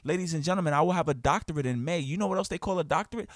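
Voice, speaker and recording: Animated slangy male podcast host. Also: on the high side, very fast, dry recording, clean studio sound. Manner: animated, emphatic, slangy storytelling with quoted voices. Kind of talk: casual podcast monologue. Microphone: studio podcast mic.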